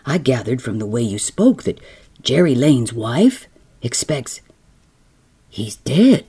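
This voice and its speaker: A cautious, blunt old sea captain from rural New England, as a woman reader puts him on. His voice drops low and gravelly, with clipped, grave lines. It is a slow bedtime storybook reading. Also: very animated, warm tone, exaggerated voice.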